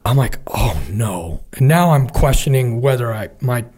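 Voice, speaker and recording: Speaking at a normal speed in a mid-range voice, a middle-aged veteran spins a war tale in relaxed conversation. His storytelling is vivid, and he animatedly quotes his fellow soldiers.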